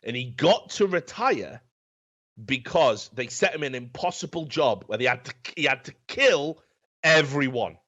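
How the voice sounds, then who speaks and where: A man's voice: medium pitch, lively intonation, a little slow, fairly bright tone. A man hosting a casual comedic film review, telling the story in a rambling, profane way. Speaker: film review podcast host. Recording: dull, lo-fi sound.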